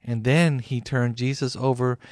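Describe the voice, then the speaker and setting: A man's voice: mid-range voice, fairly even intonation, unhurried, dry recording. A man narrating a Bible story in a plain, conversational way, often starting with "well".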